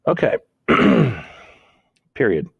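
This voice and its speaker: A man with a very low voice walks through an outline as he types it, thinking aloud and fixing his own slips as he goes. The sound is dry and close, as from a desktop mic with no room around it. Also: sing-song, drawn-out words, vocal fry, breathy edge, no room sound, lo-fi sound. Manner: thinks aloud, self-corrects while typing. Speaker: teacher. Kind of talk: screen-recorded lesson on outlining notes.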